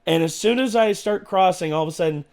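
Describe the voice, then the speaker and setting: A man's voice: sits high, fast talker, a little mellow. A man co-hosting a reaction show, telling a story in casual chat with rambling restarts and fillers.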